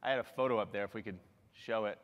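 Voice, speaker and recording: A middle-aged man giving a lively, self-deprecating keynote talk at a conference. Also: fairly low pitch, quick pace, in a large hall, highs cut off. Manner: animated, self-deprecating storytelling. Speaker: keynote speaker. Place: large conference hall.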